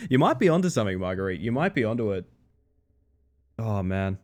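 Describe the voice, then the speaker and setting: A man's voice: lowish voice, sing-song, moderate pace, a little mellow. A young adult man casually commentating on a game stream, telling stories in a joking way. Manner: joking storyteller.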